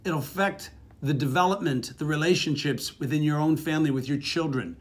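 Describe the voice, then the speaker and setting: A middle-aged man talks straight to the camera about marriage in a blunt, crude, animated way, swearing freely. His voice sits a little higher than most men's. He speaks like a motivational speaker giving a casual talk. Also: brisk. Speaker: relationship speaker.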